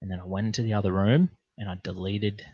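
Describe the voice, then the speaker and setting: A young Australian man with a low, gravelly voice chats loosely on a livestream, full of slang and swearing as he rambles through stories and reads viewer comments. The sound is dry and a little muffled, like a cheap home setup. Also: fairly even intonation, fast, no echo. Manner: swearing, slangy, rambling anecdotes with acted-out quotes. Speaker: livestream host reading chat comments. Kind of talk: casual livestream chat and storytelling.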